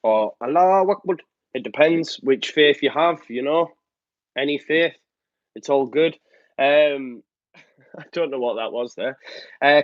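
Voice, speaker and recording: A man's voice: fairly high pitch, no echo. A man hosting a live fan show, chatting casually, reading out viewer comments and rambling with lots of ums. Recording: slightly muffled dry sound.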